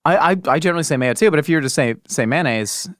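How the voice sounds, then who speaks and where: A man's voice: a little high, expressive, racing, a bit bright, dry recording, studio quality. A man co-hosting a podcast in casual chat, explaining eagerly with many stammered restarts. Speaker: podcast co-host.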